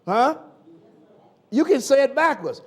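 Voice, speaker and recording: A male Southern preacher with a high, animated voice delivers a sermon in a slow, deliberate cadence, breaking into sudden loud calls. His call-and-response style swings abruptly between loud and soft.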